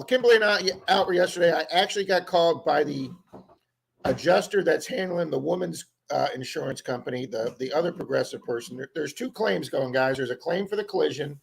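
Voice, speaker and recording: A man's voice: medium pitch, brisk, gravelly, slight background noise, low-quality recording. A man hosting a casual livestream chat, telling long stories and often repeating words as he goes. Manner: chatty storyteller, repeats words. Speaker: livestream host.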